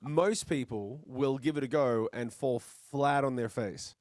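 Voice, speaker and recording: A man's voice: medium pitch, a little slow, darkish tone, no room sound, clean studio sound. A man with an Australian accent, chatting casually and bluntly as a musician guest over a video call. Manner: laid-back, blunt, chatty, swears casually.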